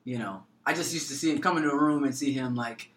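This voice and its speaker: A man's voice: medium pitch, fast. A man from Atlanta chatting as a podcast guest, laid-back and full of jokes. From Atlanta, Georgia, USA. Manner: playful, jokey, laid-back. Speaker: podcast guest, actor and comedian. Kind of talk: casual podcast chat.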